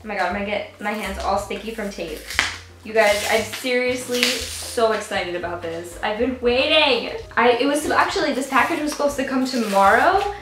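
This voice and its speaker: A young woman vlogging an unboxing at home, gushing and excitable, often squealing and laughing. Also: on the high side, moderate pace, roomy sound, noisy background. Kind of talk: casual unboxing vlog.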